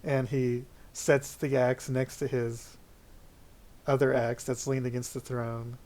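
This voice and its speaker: A man runs a tabletop game, narrating each action calmly. His pace is slow and measured. His voice sits at an ordinary middle pitch. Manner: unhurried, calm narration with "he says" lead-ins. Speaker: game master.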